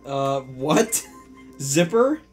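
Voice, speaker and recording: A young man co-hosting a gaming video, calling out deadpan guesses and laughing often. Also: mid-range voice, drawn-out words, faint music behind. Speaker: gaming channel co-host. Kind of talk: casual gameplay banter.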